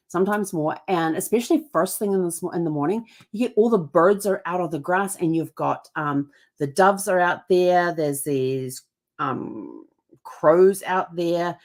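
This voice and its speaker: Woman host telling a rambling story. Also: fairly low pitch. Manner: rambling, with many restarts and fillers. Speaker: podcast host. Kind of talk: casual storytelling.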